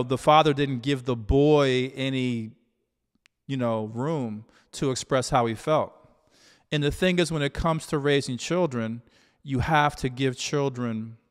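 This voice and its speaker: A man talking alone to his audience as a relationship coach, in a measured, reflective way with many "you know" fillers. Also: mid-range voice, in a large hall. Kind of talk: solo talk to camera.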